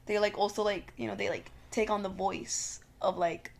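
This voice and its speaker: A woman's voice: medium pitch, steady tone, normal speed, creaky, a loud crowd. A woman, co-hosting a podcast, chatting casually in a rambling way full of "like". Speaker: podcast co-host. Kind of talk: casual chat.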